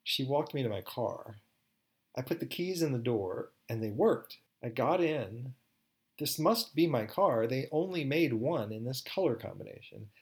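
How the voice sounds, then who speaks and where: A man tells a story in the first person in a wry, candid voice. He talks conversationally at a middle pitch, as if to a friend. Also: a little mellow.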